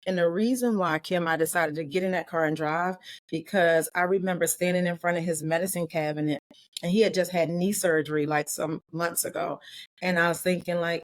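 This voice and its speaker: A woman guest from Maryland telling a heartfelt personal story in an interview, emotional and close to tears, with quick earnest bursts. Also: lowish voice, no echo. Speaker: guest, life and business coach.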